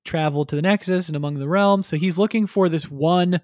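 A man's voice: sits high, brisk, a little mellow, no echo, studio quality. A man chatting casually on a podcast, retelling a story and acting out characters with crude humor. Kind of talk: casual chat.

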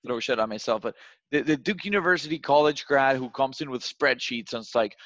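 A sales coach gives casual advice, talking fairly quickly in a loose, chatty way, peppering it with "like" and "right?". His mid-pitched, slightly bright voice comes through a dull, narrow, dry recording with no room echo.

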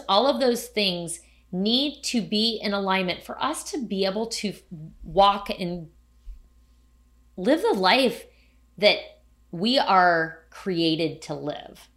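A woman's voice: medium pitch, a bit bright. A woman co-hosting a podcast, talking reflectively and carefully, sometimes searching for words. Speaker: podcast co-host. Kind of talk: casual podcast conversation.

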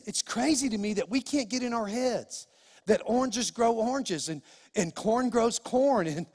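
A middle-aged man preaching a sermon as pastor, emphatic and repetitive with folksy asides. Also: very high voice. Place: church sanctuary. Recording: long church hall reverb.

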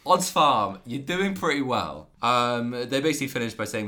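Male co-host, animated and bright, jokey review reader. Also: mid-range voice, normal speed, few pauses. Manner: laughs often, reads reviews aloud. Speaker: podcast co-host. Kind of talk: casual comedic chat.

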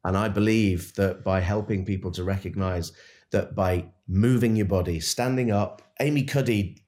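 A man, a dentist and business coach, guesting on a podcast and telling stories in an animated, earnest coaching tone. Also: low voice, normal speed. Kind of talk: casual podcast storytelling.

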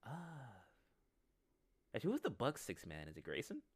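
A man's voice: medium pitch, huge pitch swings, moderate pace, slightly rough, no echo. A man co-hosting a podcast, chatting casually about basketball in a loose, rambling way and laughing often. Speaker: podcast co-host. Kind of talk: casual sports chat.

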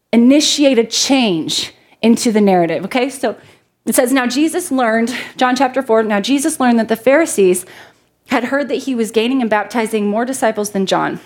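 A woman preaches to a church congregation, her voice sitting a little high. She reads scripture aloud and speaks in a loose, chatty way, joking with the people in front of her. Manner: conversational, jokes with the congregation. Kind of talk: sermon with Bible reading.

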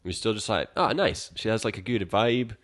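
Easygoing young man with a low voice. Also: fairly even intonation, brisk. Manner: easygoing, rambling, acts out quotes. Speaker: podcast co-host. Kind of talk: casual film chat.

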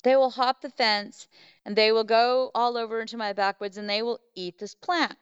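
A woman's voice: a little high, fairly even intonation, moderate pace, clean tone, dry recording, muffled recording. A middle-aged woman, a podcast guest, telling a story in a rambling way full of fillers and restarts. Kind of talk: casual storytelling.

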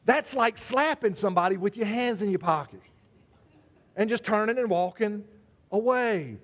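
A male pastor preaching a sermon in a lively, conversational way, calling out members of the congregation by name. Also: high-pitched, normal speed.

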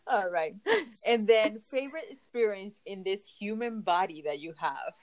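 A podcast host with a foreign accent and a mid-range voice chats casually, animated but at a measured pace. She's upbeat and giggly, often trailing off mid-sentence.

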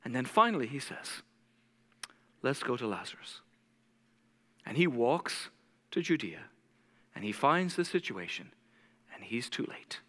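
A man's voice: medium pitch, very animated, unhurried, long pauses, sharp tone, long reverb tail. A man preaching a sermon as pastor, telling stories dramatically and acting out the voices of the people in them.

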